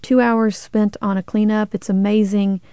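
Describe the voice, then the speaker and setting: A woman's voice: mid-range voice, flat delivery, normal speed, warm tone, smooth, dry recording, studio quality. A woman guest on a radio show, a nonprofit director speaking earnestly with some hesitant fillers. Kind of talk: radio interview.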